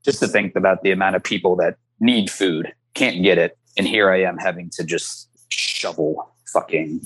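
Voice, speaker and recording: A man's voice: deep voice, fairly even intonation, moderate pace, fairly bright tone, breathy edge, no room sound, poor audio. A man, a chef, talking candidly in a casual interview, rambling a little and swearing now and then. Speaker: chef guest.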